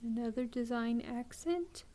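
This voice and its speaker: Slow, patient woman teaching beading. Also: a little high, warm tone, slight background noise. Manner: slow, patient, with frequent ums and pauses. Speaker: beading tutorial host. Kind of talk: step-by-step craft tutorial.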